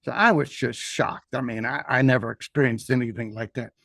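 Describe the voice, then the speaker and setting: A man's voice: mid-range voice, fairly even intonation, fairly quick, vocal fry, fairly bright tone, dry recording, studio quality. An older man telling a personal story in a rambling, folksy way as a podcast guest.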